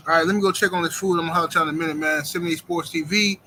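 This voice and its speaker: A man hosting a live boxing talk stream from home, chatting casually in an animated, joking, slangy way. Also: a little high, rapid-fire, a little hiss or hum, rough recording.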